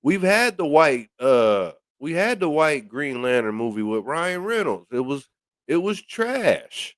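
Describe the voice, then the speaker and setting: With clean studio sound and no room sound at all, a male podcast host speaks a little slowly in casual commentary. Repeated words and stammered restarts come often, and his pitch swings about lively.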